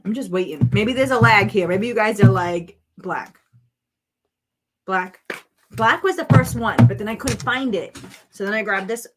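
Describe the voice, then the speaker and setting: A woman's voice: medium pitch, normal speed, background noise. Chatty woman crafting vlog host. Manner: chatty, rambling, talks to viewers and her dog. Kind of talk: casual chat while crafting.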